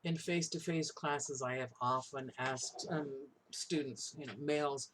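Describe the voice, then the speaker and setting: A man's voice: mid-range voice, fairly even intonation, a little slow, hardly any pauses, a bit bright, slight background noise. Man giving a chatty lecture. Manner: talks in tag questions, acts out quoted voices. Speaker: college instructor. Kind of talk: recorded lecture, conversational.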